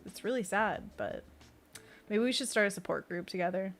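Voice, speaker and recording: A woman's voice: mid-range voice, moderate pace, soft background music. Playful woman chatting while sketching. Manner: playful, makes little sound effects, reads chat aloud. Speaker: illustrator streaming a sketching session. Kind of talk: casual livestream chat while drawing.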